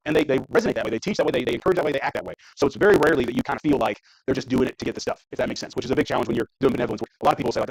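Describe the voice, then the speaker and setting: A man preaching a casual, conversational sermon in church while showing mission trip photos, talking fast and often restarting his sentences. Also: medium pitch, dry recording, poor audio. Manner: fast, conversational, self-interrupting. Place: church sanctuary.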